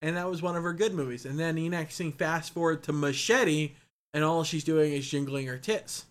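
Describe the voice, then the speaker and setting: Young man, fairly high voice, blunt and profane in relaxed casual conversation. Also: normal speed. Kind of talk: casual chat.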